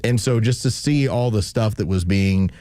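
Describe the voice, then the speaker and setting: Man, radio co-host, lowish voice, storytelling, dry studio sound. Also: moderate pace, mellow, no room sound. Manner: storytelling, acts out quotes. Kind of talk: casual morning radio banter. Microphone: studio mic.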